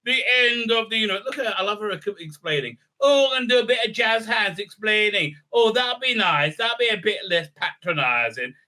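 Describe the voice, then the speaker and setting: Sarcastic, sharp-voiced male reviewer. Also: high voice, animated, moderate pace, hardly any pauses. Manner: sarcastic, profane, stammering fillers. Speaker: show reviewer. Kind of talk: ranting recap commentary.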